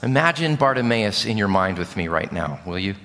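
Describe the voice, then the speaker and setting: Bright-voiced preacher in a reverberant hall. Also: male voice, deep voice, sing-song, brisk. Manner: storytelling, swinging between hushed and shouting. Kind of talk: sermon. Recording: long reverb of a large hall.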